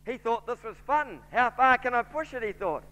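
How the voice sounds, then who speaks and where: High-voiced preacher man in reverberant hall. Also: expressive, normal speed, pushed and bright. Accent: New Zealand. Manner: storytelling, voicing characters in quotes. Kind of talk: sermon with anecdote.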